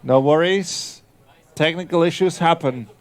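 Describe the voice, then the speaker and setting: Halting, filler-heavy male event host. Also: a little high. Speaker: event host introducing entries. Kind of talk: live casual presenting.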